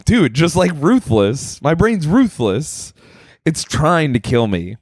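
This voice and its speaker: A young man co-hosting a podcast, telling stories in a profane, animated way and acting out quotes in casual chat. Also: fairly high pitch, slow pace, no room sound, clean studio sound. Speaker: podcast co-host.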